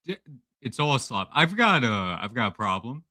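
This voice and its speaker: A man's voice: mid-range voice, big pitch swings, normal speed, sharp tone, no echo, clean studio sound. A man calling in to a podcast, chatting in a laid-back, blunt way with fillers. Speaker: caller. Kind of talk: casual call-in chat.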